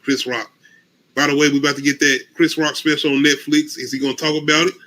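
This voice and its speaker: A man co-hosting a casual talk show, telling stories with animated acted-out quotes and frequent laughter. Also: fairly high pitch, fast talker, low-quality recording. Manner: animated storytelling, acts out quotes, laughs often. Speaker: podcast co-host. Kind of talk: casual chat.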